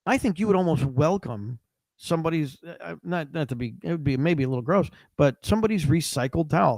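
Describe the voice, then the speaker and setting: A man's voice: fairly high pitch, expressive, a little fast, a little mellow, dry recording. A man co-hosting a podcast, chatting casually and rambling with lots of restarts. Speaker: podcast co-host. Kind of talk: casual chat.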